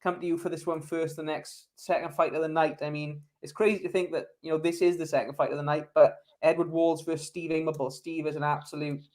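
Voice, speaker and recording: A man's voice: on the high side, level tone, quick pace, hardly any pauses, darkish tone. A man hosting a sports podcast in casual chat, enthusiastic and leading the discussion. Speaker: podcast host.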